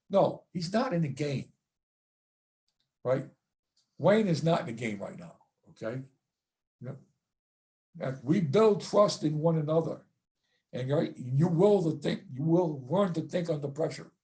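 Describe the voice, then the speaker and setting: A man's voice: on the high side, lively intonation, measured pace, long pauses, dark tone. A middle-aged man giving a football coaching clinic talk, blunt and profane, ending his points with "okay?" and "right?".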